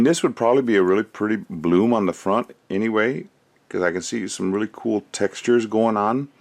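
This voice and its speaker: A man doing casual crafting commentary at home, rambling and thinking aloud as he works. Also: lowish voice. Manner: rambling, chatty, thinks aloud while working. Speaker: resin crafter.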